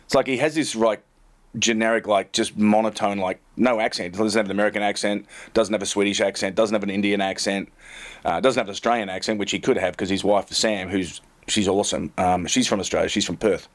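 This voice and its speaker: A man's voice: fairly low pitch, steady tone, a little fast. A middle-aged man, a tour caddy and co-host, telling rambling, self-mocking stories in casual chat full of fillers.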